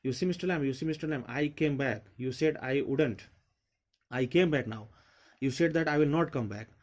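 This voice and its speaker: A man's voice: medium pitch, fast talker, natural voice. A man with an Indian accent voicing an anxious, pleading teenage boy who repeats his calls urgently.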